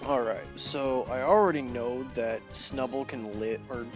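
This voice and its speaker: Slow, exasperated gaming commentator. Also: medium pitch, music in the background. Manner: exasperated, laughing in frustration. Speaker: let's play host. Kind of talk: video game commentary.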